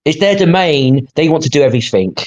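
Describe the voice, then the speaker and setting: A man's voice: a little high, lively intonation, quick pace, darkish tone, low-quality recording. A man hosting, reacting to a clip with exasperated, sarcastic rants and frequent swearing. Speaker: podcast host. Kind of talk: heated reaction commentary.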